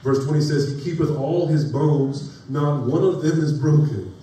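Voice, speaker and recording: Speaking at normal speed with a dark, slightly high voice, a pastor preaches folksily, using stories and building to rising emphasis. He's recorded from far off in an echoey church sanctuary where faint noise lingers.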